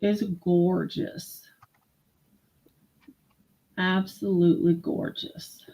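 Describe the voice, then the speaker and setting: A woman hosting a live-stream vintage sale, slowly admiring and describing glassware. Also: on the low side, level tone, warm tone. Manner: slow, admiring product descriptions.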